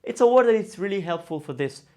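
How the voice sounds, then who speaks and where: A man teaching pronunciation in a casual video lesson, saying each word slowly and repeating it. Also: high voice, animated, darkish tone. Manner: demonstrates words slowly and repeats them. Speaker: Italian language teacher.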